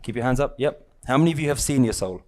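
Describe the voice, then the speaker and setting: Fast and animated with a mid-range voice, this chatty male spiritual teacher addresses a live audience. He teases in a conversational way and repeatedly asks "yeah?" and "right?".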